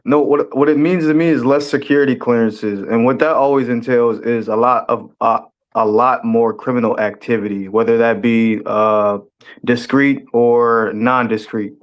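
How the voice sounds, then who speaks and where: A man from the United States in casual podcast chat, speaking in a hesitant, measured way full of fillers. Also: medium pitch, steady tone. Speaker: podcast co-host.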